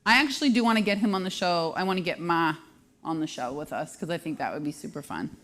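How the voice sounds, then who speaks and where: A woman's voice: on the low side, animated, fast talker, fairly bright tone. Female host, 30s, casual live-stream chat, self-deprecating humor. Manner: self-deprecating, joking, laughs often.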